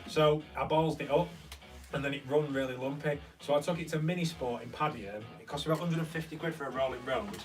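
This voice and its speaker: A young man hosting a relaxed live stream, rambling through stories and reading out viewer comments as he answers them. He sits a bit back from the microphone, and faint guitar music plays in the background of the room. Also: fairly high pitch, quick pace. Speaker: host. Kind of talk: casual live-stream chat. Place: converted recording studio room. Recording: slightly distant mic with faint guitar music.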